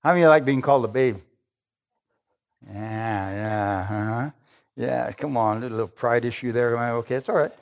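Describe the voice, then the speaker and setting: A man's voice: mid-range voice, moderate pace, vocal fry. Emphatic preacher man calling for amens. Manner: emphatic, calls for amens, acts out Jesus with excitement. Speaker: pastor. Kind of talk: sermon.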